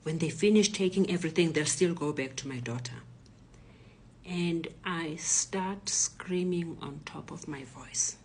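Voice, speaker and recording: Woman telling her story in a low, whispery voice. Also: measured pace, a little mellow, breathy edge. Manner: dramatic retelling, acts out the voices, often whispery. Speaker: storyteller recounting a personal ordeal. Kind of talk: emotional personal testimony.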